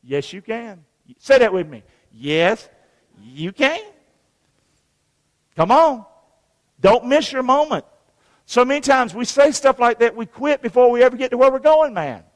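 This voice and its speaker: High-voiced preacher in an echoing hall. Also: male voice, lively intonation, normal speed. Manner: call-and-response, folksy, reads scripture aloud. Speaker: pastor. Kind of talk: sermon. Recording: long reverb of a large hall.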